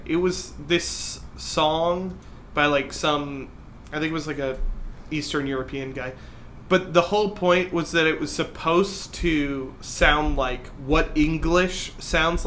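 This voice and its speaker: Bright-voiced man from Minnesota. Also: on the high side, a little hiss or hum. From Minnesota, USA. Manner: quick, chatty storytelling with many restarts. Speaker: podcast co-host. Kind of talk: casual chat.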